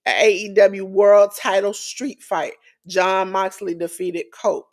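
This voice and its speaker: A woman co-hosting a wrestling podcast in casual chat, animated and acting out quotes in different voices. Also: mid-range voice. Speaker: podcast co-host.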